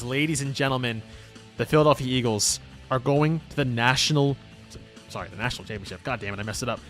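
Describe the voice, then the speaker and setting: A young man hosting a casual sports talk show, recapping plays with excitable, swinging energy between loud calls and mumbled asides. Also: mid-range voice. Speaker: host.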